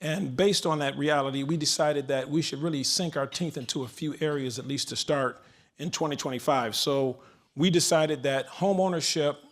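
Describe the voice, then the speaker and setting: A man's voice: a little high, moderate pace. A man speaking into a handheld mic at a large public forum, moderating and announcing with energy. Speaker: moderator and organization leader. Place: large event hall.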